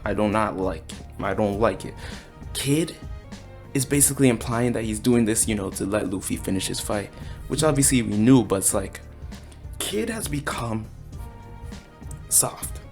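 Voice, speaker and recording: A man giving a casual, excited chapter review, talking in slang and acting out the characters' lines. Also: lowish voice, moderate pace, soft background music. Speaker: anime and manga reviewer.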